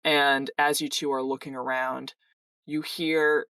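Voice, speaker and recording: Slow, dry-sounding game master. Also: medium pitch, little pitch movement, sharp tone, no room sound, far from the mic. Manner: descriptive, unhurried narration. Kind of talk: narrating a tabletop game.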